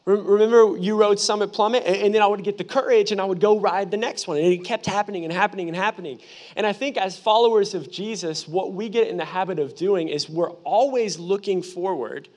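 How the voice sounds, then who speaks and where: A young man in his twenties, a pastor giving a lively, humorous sermon full of personal storytelling. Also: high voice, brisk. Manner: animated, humorous, conversational preaching.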